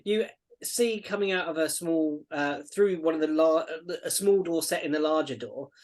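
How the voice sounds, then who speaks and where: A woman running a tabletop game, narrating in a halting way with many pauses. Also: low voice, a little mellow. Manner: halting, full of ums and laughs. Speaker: game master.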